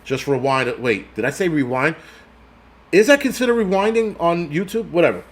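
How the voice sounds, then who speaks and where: A man's voice: on the high side, lively intonation, fairly quick. A middle-aged man hosting a channel in a casual, rambling, profane livestream rant, laughing often and answering chat comments. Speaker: prepper channel host.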